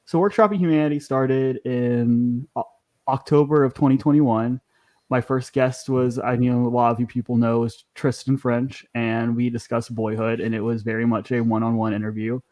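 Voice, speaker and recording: A man's voice: mid-range voice, fairly even intonation, normal speed, dark tone. A man hosting a podcast, talking casually and chattily, with frequent ums and restarts. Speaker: podcast host.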